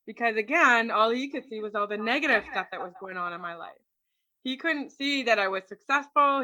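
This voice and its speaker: Woman, interview guest, vivid personal story, quotes others, bright voice, dry close sound. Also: medium pitch, dry recording. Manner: lively storyteller, quotes people, frequent "like". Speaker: interview guest, motivational speaker.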